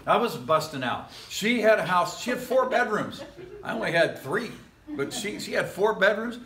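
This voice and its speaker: A pastor preaches in an easygoing, joking way, drifting into chuckling asides. His voice sits a little high and sounds bright and forceful. The church room adds a strong echo. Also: very animated, moderate pace. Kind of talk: casual conversational sermon. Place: church sanctuary.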